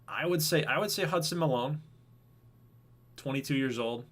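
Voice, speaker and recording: Man, casual stream host, chatty, talks straight to chat, mid-pitched voice. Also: moderate pace, fairly bright tone. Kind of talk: casual livestream commentary.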